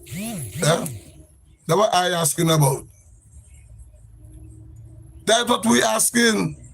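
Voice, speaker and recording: A man's voice: high voice, expressive, slow, gravelly, fairly bright tone, slightly rough, faint music behind. A man with a Grenadian accent ranting on a live social media stream, emphatic and repetitive, sounding exasperated.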